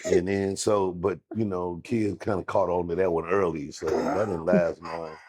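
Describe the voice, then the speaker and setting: A man with a deep, husky voice tells stories as a comedy guest. He rambles loosely from one thought to the next and drops into small acted-out voices for the people in his tales, all in easy casual chat. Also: flat delivery, moderate pace, darkish tone.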